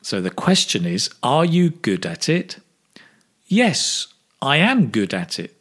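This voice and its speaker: A man leads an English speaking lesson in an unhurried, measured way. His pitch rises and falls widely as he models each phrase with clear intonation for the listener to repeat. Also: wildly swooping pitch, fairly bright tone. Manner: slow, exaggerated model phrases for repetition. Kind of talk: scripted pronunciation lesson.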